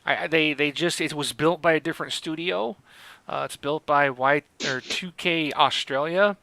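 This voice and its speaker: Bright, crisp-voiced man chatting casually. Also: on the high side, normal speed, no room sound. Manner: rambling, lots of fillers and restarts. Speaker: podcast host. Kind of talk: casual podcast chat about games.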